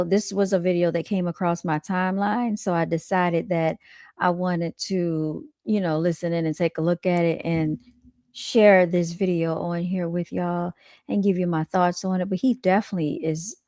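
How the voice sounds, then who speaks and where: A woman's voice: on the low side, warm tone, no echo, clean studio sound. A woman streaming a reaction to clips, chatting casually with her viewers and laughing often.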